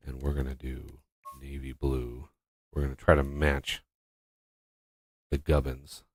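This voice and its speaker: A man's voice: very deep voice, monotone, a little slow, long pauses, a little mellow, husky. A man giving casual gameplay commentary as a streamer, rambling with many fillers and restarts.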